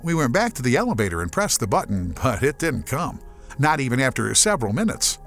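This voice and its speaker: Expressive man narrating a horror story. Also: mid-range voice, a little fast, soft background music. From Germany. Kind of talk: scripted horror audiobook narration.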